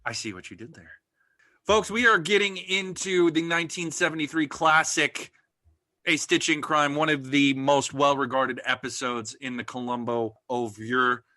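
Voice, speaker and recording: Bright-voiced playful male podcast co-host. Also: a little high, normal speed, no echo, clean studio sound. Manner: playful, jokey banter. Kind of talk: casual chat.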